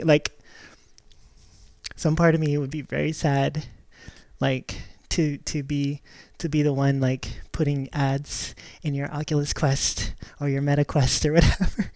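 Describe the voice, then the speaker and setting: A woman's voice: low voice, flat delivery, measured pace, a little mellow, dry recording. A woman chatting casually on her live stream, rambling and giggling, often restarting her sentences.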